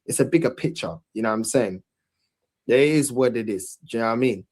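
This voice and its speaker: A man's voice: mid-range voice, a little fast, darkish tone. A man speaks bluntly to his live chat. His talk is slangy and firm, and he keeps stressing the same points. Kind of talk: casual live-stream chat.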